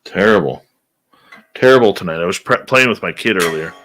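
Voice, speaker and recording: Bright-voiced chatty radio host. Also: male voice, low voice, lively intonation, brisk, a little hiss or hum. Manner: chatty, greets chat viewers by name, rants bluntly. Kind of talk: casual live-stream chat.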